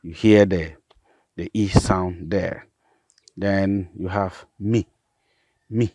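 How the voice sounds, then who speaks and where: A man, a pastor, patiently explaining vowel sounds and repeating each example word slowly. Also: low voice, fairly even intonation, darkish tone, no room sound. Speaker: pastor and language teacher.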